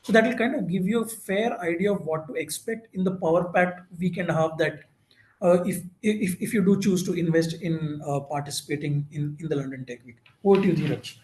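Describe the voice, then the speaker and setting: A man's voice: a little high, a little fast, darkish tone, echoey room, rough recording. A man giving an informal presentation at an info session, talking with many fillers and restarts.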